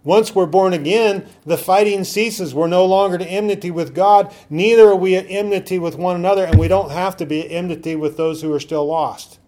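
A man's voice: high voice, fairly even intonation, brisk, few pauses, mellow. Man preaching a sermon, rhetorical questions. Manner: asks the congregation rhetorical questions. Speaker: pastor.

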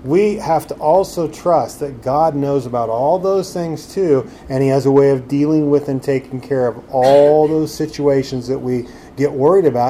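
A man's voice: a little high, mellow, slight background noise. A man preaching a sermon in a conversational way, full of rhetorical questions. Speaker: pastor.

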